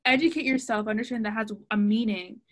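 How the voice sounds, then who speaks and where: A young woman hosting a casual chat, speaking in a relaxed, hesitant way with fillers. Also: a little high, brisk. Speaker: podcast host.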